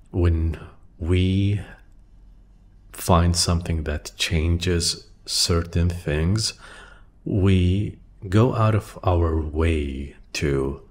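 Deep-voiced man musing slowly. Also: a little hiss or hum. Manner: thoughtful, hesitant, with restarts and soft trailing phrases. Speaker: podcast host. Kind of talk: reflective solo monologue. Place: quiet room. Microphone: studio microphone.

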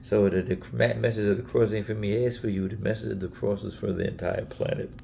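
A man's voice: lowish voice, steady tone, fast, vocal fry, warm tone, a little hiss or hum. A man preaching in a casual Bible teaching video, earnest and emphatic, often repeating himself and restarting phrases.

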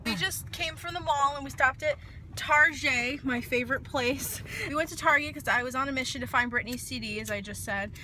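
A woman's voice: high-pitched, normal speed, pushed and bright, a little hiss or hum. A young woman in her twenties casually vlogging while out shopping, rambling and chatty, swearing freely. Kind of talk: casual vlog chat. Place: shopping mall and car.

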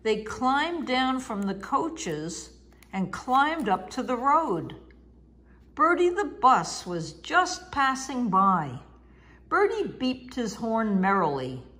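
A woman reads a children's picture book aloud at an unhurried pace. Her voice is lively and sing-song, rising and falling as she tells the story. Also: a little high. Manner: slow, expressive, sing-song.

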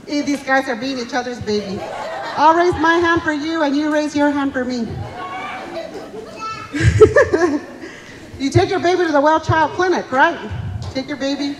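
Brief: chatty woman comic working a live crowd, high voice, hall reverb and audience behind. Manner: folksy, chatty, teasing the audience. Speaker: stand-up comedian and emcee. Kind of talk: live stand-up storytelling.

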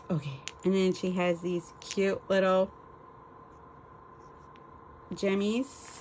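A woman's voice: mid-range voice, level tone, takes it slowly, long pauses, background noise. A woman chatting casually as she unboxes craft swap items on her vlog, gushing and exclaiming over each one. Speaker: crafting vlogger.

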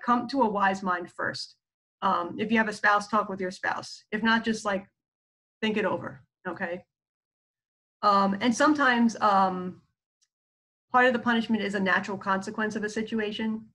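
A woman's voice: medium pitch, fairly bright tone. A woman psychologist giving a casual lecture on therapy skills, chatty, with lots of fillers and acted-out quotes. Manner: chatty, many fillers and asides, acts out quoted speech.

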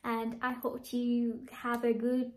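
A Vietnamese-native woman teaching a beginner lesson, speaking slowly and carefully and repeating each sound for the viewer. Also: fairly high pitch, completely flat delivery, a little mellow.

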